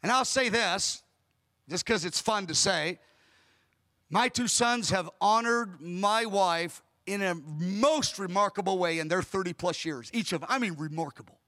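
A man's voice: sits high, unhurried, bright, forceful tone. A man preaching a sermon as a pastor, emphatic, acting out dialogue as he tells stories. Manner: emphatic, acts out dialogue in storytelling.

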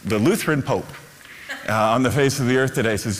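A man's voice: medium pitch, a little fast. A middle-aged Lutheran pastor preaches, retelling a parable and rising to fervent emphasis. His voice sits in an ordinary middle range. The sound rings through a large church with a long reverb. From United States. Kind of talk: sermon.

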